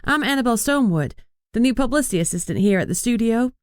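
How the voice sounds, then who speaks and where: A man's voice: extremely high pitch, lively intonation, quick pace, clear, resonant tone, dry recording, clean studio sound, voice pushed up. A narrator voicing a confident young woman publicist who talks politely and with poise. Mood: poised.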